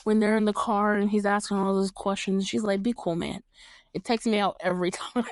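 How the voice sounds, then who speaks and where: A woman's voice: medium pitch, little pitch movement, fairly quick, no echo, studio quality. A young woman from New York hosting a podcast, chatting casually and animatedly, laughing often and swearing freely. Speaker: podcast host. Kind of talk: casual chat.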